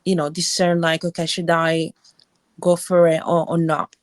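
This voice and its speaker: A British woman from Cambridge, a nurse, calling into an online audio chat room and talking things over in a measured, thoughtful way with frequent restarts. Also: lowish voice, flat delivery, no room sound. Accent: British English, Cambridge area. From England. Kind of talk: casual chat. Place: home, remote audio chat call.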